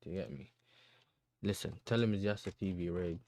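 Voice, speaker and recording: A man's voice: low-pitched, fairly quick, warm tone, no room sound. Laid-back man hosting a stream. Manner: slangy, laid-back, addresses chat directly. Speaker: football livestream host. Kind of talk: casual livestream chat.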